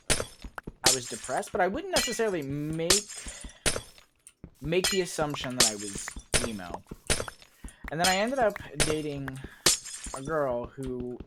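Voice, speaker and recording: A young man talks loosely through a gaming stream, drifting from one random tangent to the next. His tone is casual and self-mocking, at a middling pitch. Loud game sounds run underneath his voice. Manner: rambling, tangent-prone, self-deprecating. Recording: loud game noise behind voice.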